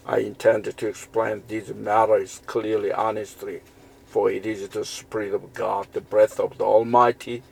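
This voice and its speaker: A man's voice: lowish voice, little pitch movement, measured pace, creaky, husky, rough recording. A man reading Bible verses aloud and explaining them, with frequent restarts and fillers. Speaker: Bible teacher. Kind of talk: slow scripture reading and commentary.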